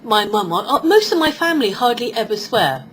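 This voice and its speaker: A woman's voice: on the high side, sing-song, normal speed, fairly bright tone, slight background noise, low-quality recording. A British woman in her forties talking casually in a rambling vlog monologue, often acting out other people's voices. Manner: chatty and rambling, acts out quoted voices. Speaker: vlogger.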